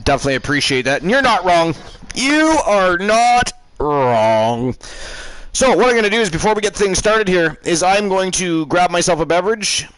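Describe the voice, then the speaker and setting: A man hosting a casual livestream, running down a wrestling card with quick, hype-driven announcer patter. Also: sits high, animated, fairly bright tone, poor audio. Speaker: show host.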